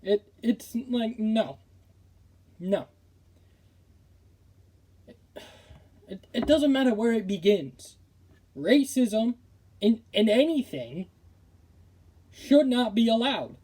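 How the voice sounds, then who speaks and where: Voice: medium pitch, sing-song, takes it slowly, pauses often, warm tone, breathy edge. A football commentary streamer ranting with indignation in casual talk, often stammering and restarting sentences. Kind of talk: casual opinion rant.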